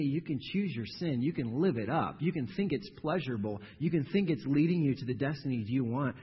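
A man preaching a sermon in an animated way, getting louder and softer and putting questions to the congregation. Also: medium pitch, husky. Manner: animated preaching, rising and falling in volume, asks the congregation questions. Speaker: pastor. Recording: dull sound, long reverb in a large hall.

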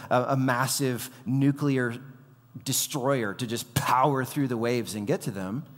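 Preacher in a reverberant hall. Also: male voice, mid-range voice. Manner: animated storytelling, acting out quoted lines. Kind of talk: sermon.

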